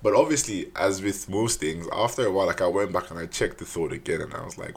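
Young man, podcast host, low husky voice, casual earnest solo talk, frequent restarts. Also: fast talker, few pauses.

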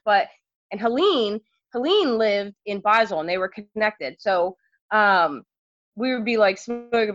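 Young woman telling a story, lots of "like" and "um", sharp bright voice, dry kinda dull sound. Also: medium pitch, dry recording. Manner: animated, many fillers and asides. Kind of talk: casual storytelling.

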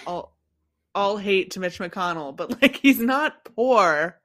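A woman co-hosting a podcast, chatting casually about a TV episode, relaxed and often laughing. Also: mid-range voice, slow. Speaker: podcast co-host. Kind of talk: casual TV recap chat.

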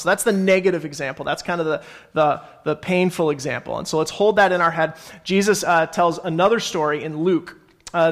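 A man's voice: fairly high pitch, a bit bright. Chatty man preaching a sermon. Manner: conversational, self-correcting, reads scripture aloud. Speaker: pastor.

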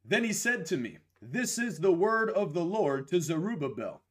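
A young man with a fairly high voice preaches a sermon over a live stream. His voice is a little hoarse after a week of preaching. He talks with conviction, slowing down to lean on the key phrases. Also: sing-song, a bit bright. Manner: emphatic, slows and stresses key phrases, greets viewers by name. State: losing his voice.

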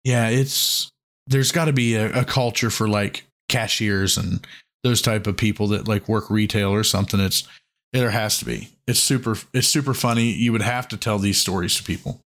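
A man's voice: lowish voice, steady tone, moderate pace, a bit bright. A man hosting a podcast, telling long stories in a rambling, profane way, full of "like" and restarts. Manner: rambling, profane, heavy use of "like". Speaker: podcast host. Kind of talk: casual storytelling chat.

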